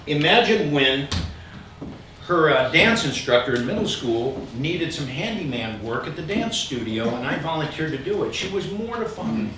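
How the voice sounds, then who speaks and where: A middle-aged man spinning self-mocking stories on stage, animated and quick to laugh, his voice slightly high. He sits far from the mic in a booming, echoey hall, with a clear wash of ambient noise underneath. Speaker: storyteller. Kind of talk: live comic storytelling.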